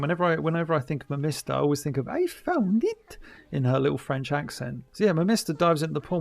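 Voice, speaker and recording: A man's voice: a little high, gravelly. A middle-aged man giving a casual, chatty commentary over an old cartoon, wry and mock-dismissive. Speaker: commentary host.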